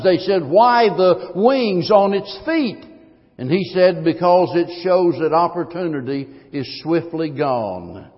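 Man, pastor, sermon, emphatic preaching, slightly high voice, muffled recording, long hall reverb. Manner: emphatic preaching with swells in volume.

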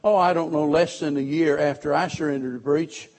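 Man, pastor, sermon, husky voice, on the high side, emphatic preaching, loud and hushed by turns. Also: steady tone, a little fast. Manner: emphatic preaching with personal storytelling; swings between loud emphasis and quiet, hushed storytelling.

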